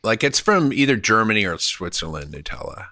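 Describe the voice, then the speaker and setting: A man co-hosting a podcast in casual chat, crude and laughing, breaking into loud joking bits. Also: on the low side, very animated, brisk, dry recording. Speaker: podcast co-host.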